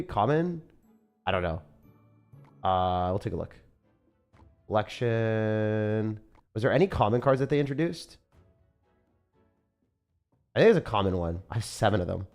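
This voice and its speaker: A young man giving casual, excitable gameplay commentary, often breaking into disbelief and calling the listener dude or bro. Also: mid-range voice. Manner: excitable, frequent disbelief outbursts, calls viewers dude and bro. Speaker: gaming creator.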